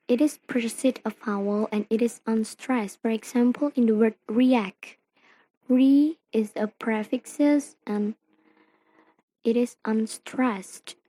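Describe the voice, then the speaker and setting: A young woman, a non-native speaker of English from Indonesia, slowly reads out a student presentation on phonetics, with grammar slips along the way. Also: a little high, dark tone, low-quality recording. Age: young adult. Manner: slow careful reading with non-native grammar.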